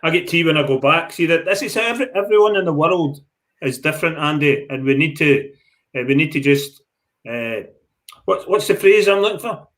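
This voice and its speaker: A man's voice: a little high, lively intonation, brisk, a bit bright. A man co-hosting a casual live chat show, playful, rambling and self-mocking.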